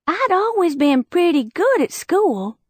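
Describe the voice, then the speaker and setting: A woman reading an audiobook puts on a bright, insecure teenage schoolgirl who finally raises her voice, high-pitched and cracking with feeling. Close, dry sound with no room around it. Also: very animated, unhurried, dry recording, exaggerated voice. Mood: wistful. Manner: raised, cracking, emotional outbursts. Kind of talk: audiobook character voice.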